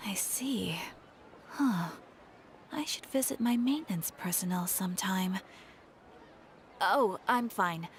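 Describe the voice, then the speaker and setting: An actress voicing a frail, gentle young noblewoman in a game, speaking softly and hesitantly. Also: medium pitch, expressive, slow pace, long pauses, a little hiss or hum. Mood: soft, puzzled. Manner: soft, hesitant.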